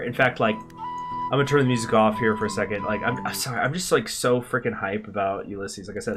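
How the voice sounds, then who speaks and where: Man, gaming host, live strategy game commentary, eager rambling, lots of fillers, mid-range voice. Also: mid-range voice. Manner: excited, rambling, many restarts and fillers.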